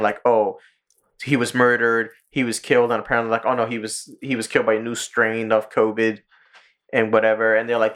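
Animated man retelling a cartoon episode. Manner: animated, swearing, quoting characters with raised pitch, laughing often. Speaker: podcast co-host.

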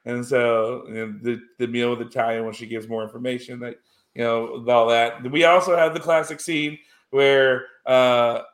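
A man chatting loosely about a film, wandering through the plot with plenty of ums and false starts. His voice sits at an everyday middle pitch. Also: fairly even intonation, normal speed. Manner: rambling, many fillers and restarts. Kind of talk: casual chat recapping a film.

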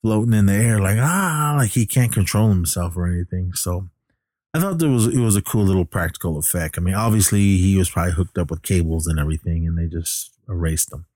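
A man's voice: deep voice, fast talker, warm tone, dry recording, clean studio sound. A man casually retelling a film's plot, rambling with lots of fillers and restarts. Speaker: film recapper. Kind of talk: casual movie plot recap.

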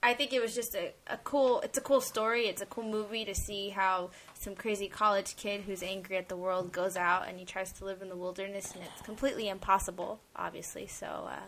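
A woman's voice: medium pitch, fairly even intonation, brisk, hardly any pauses, a bit bright. A young woman chats as a guest on a podcast, upbeat and enthusiastic about what she recommends. She speaks with plenty of fillers, and a faint noise sits under her voice. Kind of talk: casual chat.

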